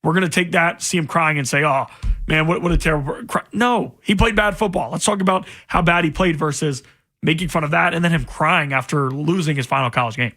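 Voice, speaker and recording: A man's voice: fairly high pitch, brisk, pushed and bright. A man co-hosting a sports talk radio show, giving blunt, exasperated takes in a studio. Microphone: studio microphone.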